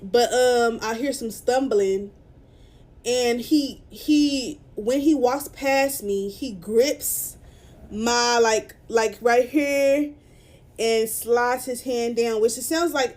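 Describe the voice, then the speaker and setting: A young woman with a fairly high voice tells a storytime vlog into her phone camera. She speaks in a halting, upset way, full of fillers and restarts, and sounds near tears. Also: darkish tone. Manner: tearful at moments. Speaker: vlogger.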